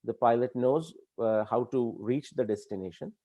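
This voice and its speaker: A man giving an explanatory talk to an audience, measured and deliberate, often checking in with "okay" as he explains. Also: mid-range voice, dark tone. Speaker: speaker giving a lecture.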